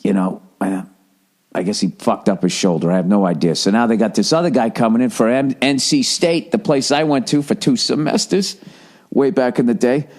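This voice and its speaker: A man's voice: mid-range voice, normal speed, a little mellow. Exasperated, profane man ranting. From Massachusetts. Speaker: podcast host. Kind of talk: casual monologue.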